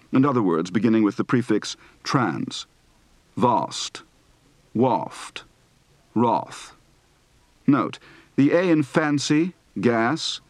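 A man reading drills slowly and deliberately. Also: mid-range voice, dry recording. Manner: precise, deliberate, over-enunciated. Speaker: speech teacher. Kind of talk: slow accent drill, reading word lists.

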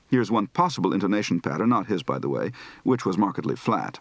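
A man narrating a dialect-coaching audiobook in a clear, measured, explanatory way. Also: sits low, big pitch swings, no echo.

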